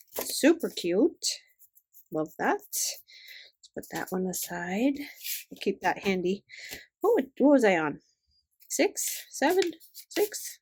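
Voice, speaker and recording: An older woman chatting quietly and fondly as she unboxes stickers and tape, keeping her voice down. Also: lowish voice. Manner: hushed, gushing, fond. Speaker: vlogger. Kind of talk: casual unboxing chat.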